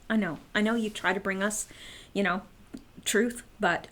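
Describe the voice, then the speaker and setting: A middle-aged woman hosting a trivia video, chatting with wry asides to viewers and pitch jumps for emphasis. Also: unhurried, fairly bright tone. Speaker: video host. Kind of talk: casual chat about trivia facts.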